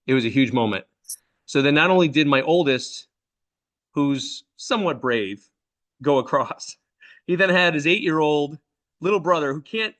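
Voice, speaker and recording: A middle-aged man telling a personal story in loose, rambling casual talk, leaping high when he quotes his own alarm. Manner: animated, jumps to high pitch quoting his own alarm; loose, rambling, many "like" and "right?" fillers. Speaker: spiritual channeling host.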